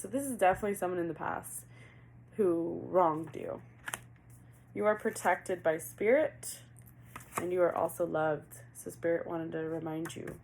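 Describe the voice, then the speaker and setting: Chatty gravelly-voiced woman reading tarot. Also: lowish voice, a little mellow, slight background noise, rough recording. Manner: chatty, laughs often, asks cards questions aloud. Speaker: tarot reader.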